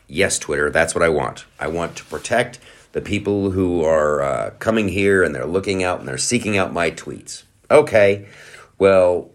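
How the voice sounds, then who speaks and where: A middle-aged man hosting a podcast, talking casually with sarcastic, mocking asides. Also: deep voice. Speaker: podcast host. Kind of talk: casual monologue.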